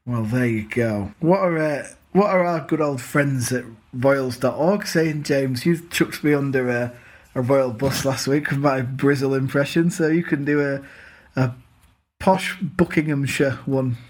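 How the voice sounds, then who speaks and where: A man's voice: mid-range voice, measured pace. A young man co-hosting a football podcast, chatty and self-mocking, often calling his co-host "mate". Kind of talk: casual chat.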